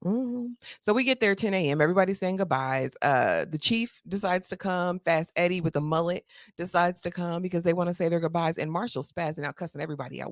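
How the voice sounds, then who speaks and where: A woman's voice: on the low side, a little fast, no room sound, clean studio sound. A woman recapping a TV episode in a sassy, chatty way with slangy asides. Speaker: TV recap host.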